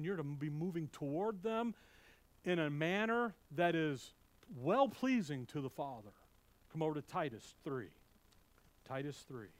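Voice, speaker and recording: A middle-aged man preaching a sermon as pastor, animated and anecdotal, moving between loud emphasis and quiet asides. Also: fairly high pitch, no room sound.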